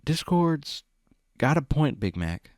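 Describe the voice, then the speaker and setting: A man voicing an earnest, jittery young male dragon in a storybook reading, high and anxious. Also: sing-song, takes it slowly, a little mellow, dry recording, studio quality, exaggerated voice.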